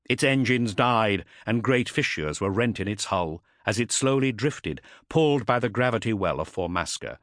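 A man giving dramatic, expressive audiobook narration. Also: on the low side, moderate pace, few pauses, dry recording, clean studio sound.

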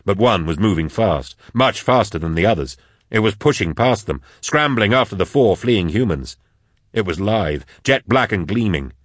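A man with a low voice narrating an action audiobook steadily and dramatically. The recording is dry and close, made in a studio booth. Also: lively intonation, normal speed, dry recording.

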